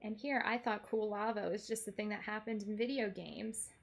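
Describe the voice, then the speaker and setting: A woman's voice: medium pitch, steady tone, moderate pace, creaky. A woman streamer narrating a game in character, in a wry, playful first-person storytelling manner.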